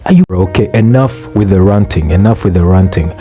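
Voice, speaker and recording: A young man ranting in a profane, exasperated comic vlog, swearing and bursting out loudly. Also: low voice, fairly quick. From Uganda. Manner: exasperated, swearing, loud outbursts. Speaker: vlogger.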